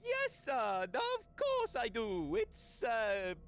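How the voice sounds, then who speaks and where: A man's voice: very high-pitched, huge pitch swings, extremely slow, a bit bright, faint music behind, full character voice. A man voicing a flustered young man in a game, stammering through a bad put-on Italian accent.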